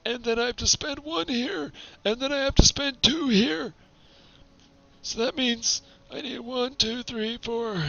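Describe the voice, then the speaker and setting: Chatty guy streaming a game, high bright voice, kinda muffled audio. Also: creaky. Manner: chatty, self-deprecating commentary while playing. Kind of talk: casual game streaming commentary.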